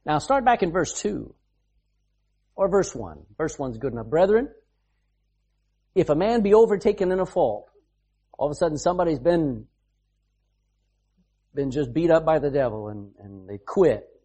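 Husky-voiced preacher man. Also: a little high, lively intonation, normal speed, long pauses, dark tone. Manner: emphatic preaching, reads scripture aloud. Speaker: pastor. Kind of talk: sermon.

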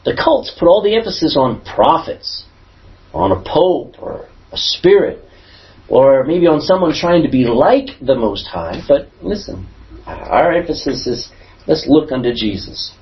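A man's voice: fairly high pitch, unhurried. A man teaching a Bible class as pastor, asking the class questions and stressing points in a conversational way. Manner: asks the class questions, lively emphatic delivery. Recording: dull lo-fi recording.

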